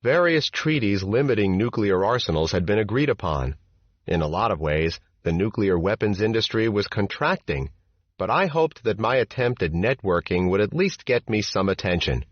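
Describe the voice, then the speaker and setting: A low-voiced man reads a first-person memoir as an audiobook in a measured, steady way. The recording is dry, with no room sound, and slightly dull and muffled. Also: no echo. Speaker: audiobook narrator. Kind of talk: scripted first-person narration.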